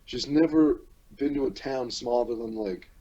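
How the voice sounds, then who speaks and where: A man from Newfoundland and Labrador hosting a podcast, talking in a rambling, halting way with many restarts. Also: medium pitch, dark tone, dull audio. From Newfoundland and Labrador, Canada. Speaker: podcast host. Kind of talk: casual chat.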